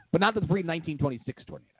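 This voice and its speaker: A man's voice: on the high side, lively intonation, fast talker, slightly rough, dry recording. A man hosting a casual political talk radio show, rambling and wry with lots of fillers. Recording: dry, tinny phone-like sound.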